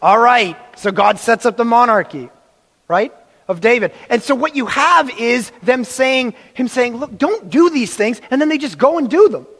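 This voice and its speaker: A man preaching a sermon with a high voice. He tells a story in an animated way and acts out the quotes. His voice rings with the long reverb of a large hall. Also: normal speed.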